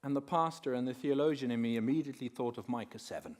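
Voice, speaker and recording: A man at a conference lectern, pitched mid-range, in a steady storytelling manner. He slows down and sinks his voice low and soft to let a point land. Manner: measured storyteller who drops quiet and slows for effect. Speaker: conference speaker. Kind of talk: talk on faith woven with storytelling.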